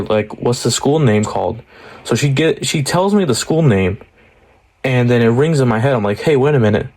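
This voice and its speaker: A man's voice: on the low side, a little mellow. Rambling young man telling a story. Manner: rambling, heavy on fillers like "like" and "you know". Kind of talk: casual storytelling.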